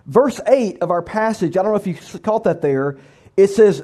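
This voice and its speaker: Higher-voiced male pastor preaching. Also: lively intonation, normal speed, warm tone. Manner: conversational and humorous, with vivid storytelling. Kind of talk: sermon.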